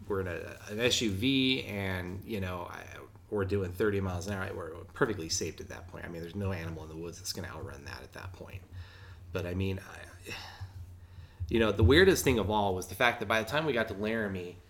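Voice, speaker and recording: A man with a very deep voice looks back on an unsettling night, often restarting and repeating words. He speaks in a relaxed, reflective, conversational way. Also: a little fast. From Wyoming mountains. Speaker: paranormal investigator recounting a story. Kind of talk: casual storytelling.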